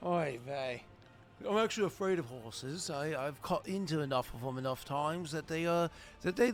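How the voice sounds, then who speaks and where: A slightly high-voiced man runs a tabletop game from a home stream setup. He rambles, corrects himself and laughs often, with faint music under his voice. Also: moderate pace. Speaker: game master.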